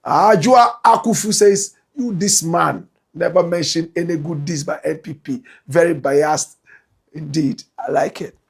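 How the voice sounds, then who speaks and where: A man with a Ghanaian English accent hosting a talk show, reading out viewer comments and answering them, swinging between loud outbursts and low muttered asides. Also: gravelly, husky. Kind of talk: animated commentary.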